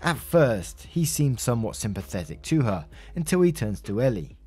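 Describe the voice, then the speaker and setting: A man reads a Reddit story aloud, casual and chatty, with asides along the way. His voice sits at an average pitch over faint background music. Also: big pitch swings, normal speed, mellow, breathy edge. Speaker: story narrator.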